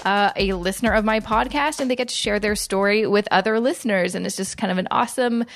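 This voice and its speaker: A woman's voice: medium pitch, background noise. A Canadian woman hosting a podcast interview, upbeat and chatty. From Vancouver, Canada. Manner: upbeat, chatty, quick to laugh. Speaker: podcast host. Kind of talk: casual interview chat.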